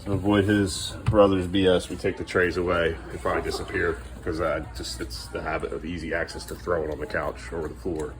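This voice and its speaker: A man's voice: low voice, level tone, fairly quick, hardly any pauses, background noise. A middle-aged man vlogging at home as a father, coaxing and scolding his kids in casual talk.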